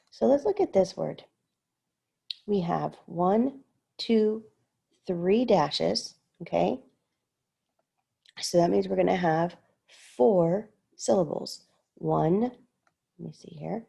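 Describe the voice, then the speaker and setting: A woman's voice: on the low side, slow pace, vocal fry, mellow, husky. A woman teaching a recorded lesson, carefully sounding out words syllable by syllable. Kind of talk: slow recorded lesson walkthrough.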